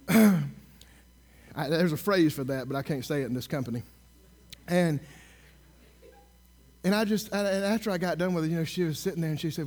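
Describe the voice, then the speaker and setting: A male minister telling a story in a sermon, sarcastic and animated, acting out the people he talks to. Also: fairly high pitch, moderate pace, long pauses. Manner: sarcastic, animated storyteller who acts out dialogue.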